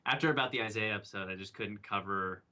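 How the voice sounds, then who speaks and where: A young man guest speaking with a low-pitched but very bright voice. He talks earnestly and reflectively, piling on fillers as he tells his story. The tone is relaxed and conversational. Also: quick pace. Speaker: documentary filmmaker guest. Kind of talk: casual interview.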